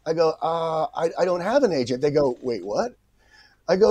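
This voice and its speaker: A man's voice: a little high, moderate pace, breathy edge, dry recording. A middle-aged man, an actor guest, telling an anecdote and acting out the voices of the people in it. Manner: animated, acts out voices in his stories. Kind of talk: anecdotal storytelling.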